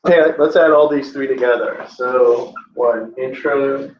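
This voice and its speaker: Speaking at a measured pace with medium pitch and fairly even intonation, this male teacher cracks jokes and tosses playful asides to his class. It's captured in dull, roomy classroom sound.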